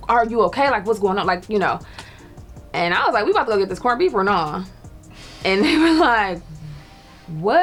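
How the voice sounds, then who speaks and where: A woman tells a personal story in a relaxed, chatty way. She laughs often and acts out other people's lines as she goes. Faint music plays underneath. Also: medium pitch. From Detroit. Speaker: storyteller guest. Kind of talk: casual storytelling.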